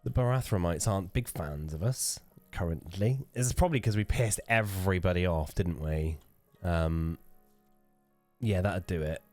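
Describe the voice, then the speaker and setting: A man's voice: sits low, moderate pace, darkish tone, no echo, soft background music. A man hosting a let's play, chatting casually to himself with swearing and jokes. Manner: muttering to himself, swearing, joking. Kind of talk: casual gameplay commentary.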